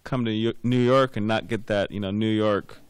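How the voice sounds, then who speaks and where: A man's voice: fairly low pitch, steady tone, normal speed, clear, resonant tone, no room sound. A man giving a scripture class, rambling and repeating words with many fillers, telling anecdotes. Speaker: class speaker.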